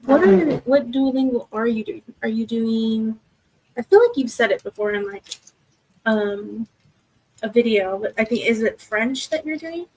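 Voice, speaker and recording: A woman's voice: a little high, expressive, measured pace, darkish tone, rough recording. A young woman hosting a livestream, chatting casually with viewers from her desk and rambling with many fillers and restarts. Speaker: livestream host. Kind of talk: casual chat with live chat. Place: home desk.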